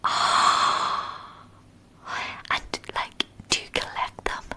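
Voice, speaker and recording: A woman voicing an excitable young female friend in a whispered role-play, gasping and breathless as she talks. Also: very slow. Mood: eager.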